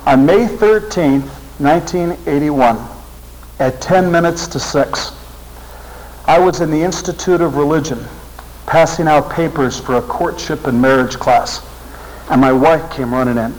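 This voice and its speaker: A middle-aged man tells a personal story to a church audience. His voice sits a little high and rises with emotion, with an earnest, heartfelt delivery. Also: measured pace, darkish tone, poor audio. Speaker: seminary teacher and speaker. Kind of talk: storytelling talk to a religious audience.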